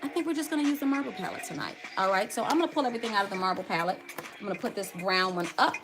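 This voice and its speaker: A woman's voice: medium pitch, lively intonation, very fast, over music. A middle-aged woman hosting a casual live makeup tutorial, chatty, greeting viewers by name and calling out to "y'all". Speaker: makeup livestream host.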